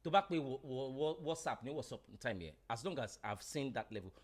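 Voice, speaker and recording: A man's voice: medium pitch, animated, brisk. A Nigerian man co-hosting a podcast, insisting on his point and repeating himself in a heated casual chat. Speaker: podcast co-host.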